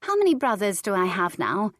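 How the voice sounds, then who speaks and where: A woman reading an audiobook voices an eager, affectionate little noble girl who chatters brightly and excitedly. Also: medium pitch, fairly quick, no echo, clean studio sound, natural voice. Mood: playful.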